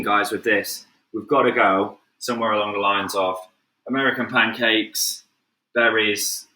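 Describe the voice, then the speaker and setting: A man's voice: fairly low pitch, sharp tone, roomy sound, poor audio. A man from Manchester with a Mancunian accent, a professional chef chatting casually to viewers during a live cooking stream from his home kitchen. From England. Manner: chatty, upbeat, addresses viewers as "guys", moves around the kitchen.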